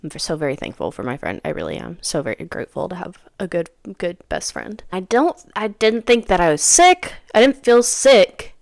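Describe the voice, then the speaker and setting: A woman's voice: lowish voice, sing-song, normal speed, gravelly, few pauses, no room sound, clean studio sound. A young woman hosting a podcast, telling a personal story in a casual, rambling way and often repeating her own phrases. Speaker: podcast host.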